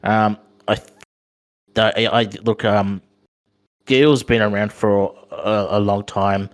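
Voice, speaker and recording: Hesitant Australian man with a low voice. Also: flat delivery, slow. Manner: hesitant, many ums and restarts. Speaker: podcast co-host. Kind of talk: casual chat.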